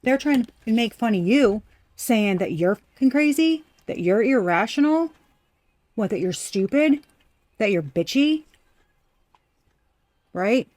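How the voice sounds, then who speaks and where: A woman's voice: on the high side, lively intonation, slow pace, long pauses, a little mellow, no echo. Blunt, profane woman tarot reader. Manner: blunt, profane, emphatic, repeats herself. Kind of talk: collective tarot reading, casual.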